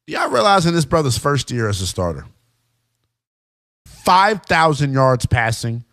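In an unhurried, fairly high-pitched voice, a male sports commentator talks directly to viewers in an emphatic monologue about football. His manner is lively and forceful, and he refers to the audience as "guys" and "y'all."

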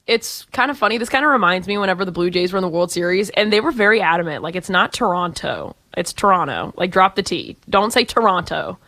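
A woman from Texas co-hosting a sports talk show, lively, chatty and emphatic. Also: medium pitch, quick pace, few pauses, dry recording. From Austin, Texas. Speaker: radio sports co-host.

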